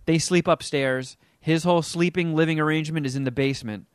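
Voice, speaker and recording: Telling a story as a guest on a relaxed podcast, a middle-aged man speaks a little fast in a clear, resonant voice that runs slightly high for a man. He animatedly imitates the people he quotes, leaping around in pitch. The recording is dry and close-miked, with no echo or room sound.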